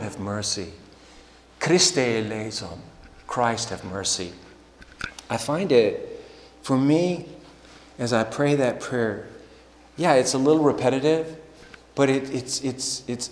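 A man preaching a sermon in a church, slow and deliberate, building to emphatic passages. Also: mid-range voice, darkish tone. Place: church sanctuary. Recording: echoey hall with long reverb.

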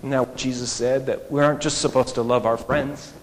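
A man preaching a sermon in an animated, conversational way, full of rhetorical questions. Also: medium pitch, moderate pace. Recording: echoey hall, faint noise.

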